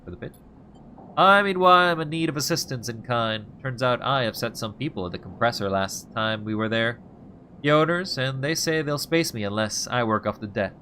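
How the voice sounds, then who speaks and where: A man's voice: medium pitch, moderate pace, pushed and bright, slight background noise, lightly acted. A man voicing a jittery, scruffy male ex-bounty hunter, talking sarcastically and pleading, as he reads game dialogue aloud.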